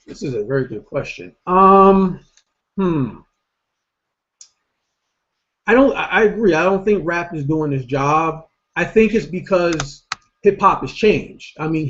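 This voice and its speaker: A man hosting a casual vlog, ranting bluntly and rambling with lots of swearing, a bit tired. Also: on the high side. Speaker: host. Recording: dull lo-fi recording.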